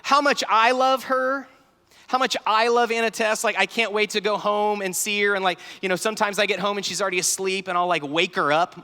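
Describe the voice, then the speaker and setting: A man in his thirties giving an animated, story-filled talk at a youth conference, acting out dialogue. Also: high-pitched. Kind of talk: sermon-style talk with stories. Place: large conference hall. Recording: large hall reverb.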